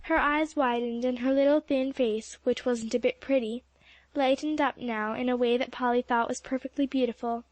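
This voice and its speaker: A woman's voice: high-pitched, fairly even intonation, moderate pace, darkish tone, no room sound. A woman reading an audiobook aloud as narrator, telling the story steadily. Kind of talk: scripted narration.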